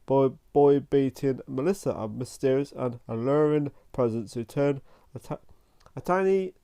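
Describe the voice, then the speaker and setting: Male channel host, casual film review, mellow warm tone, meandering delivery full of restarts. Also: mid-range voice, gravelly, clean tone. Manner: rambling and halting, with frequent restarts and "like" fillers.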